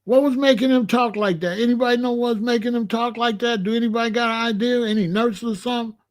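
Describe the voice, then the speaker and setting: A man's voice: very high-pitched, fairly even intonation, fast talker. A man hosting a live reaction stream, talking casually to his chat, repeating himself and tossing questions to the audience. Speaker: commentary channel host.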